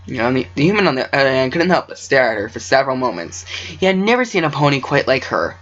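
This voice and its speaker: A man's voice: mid-range voice, big pitch swings, quick pace, fairly bright tone, soft background music. A man reading his own story aloud, stumbling over words and breaking off into joking asides. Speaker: amateur story reader. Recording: dull lo-fi recording.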